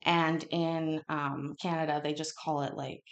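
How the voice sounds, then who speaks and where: Brief: female stream host, chatty and rambling, lowish voice. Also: flat delivery, a little slow, dull audio. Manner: rambling, chatty, acts out quotes. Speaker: channel host. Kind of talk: casual chat with viewers. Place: home kitchen.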